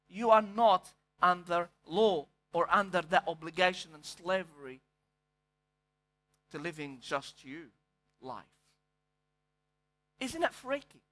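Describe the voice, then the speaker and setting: Male preacher, bright forceful tone, emphatic and halting sermon style. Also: high voice. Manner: emphatic preaching, repeats words when searching. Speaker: pastor.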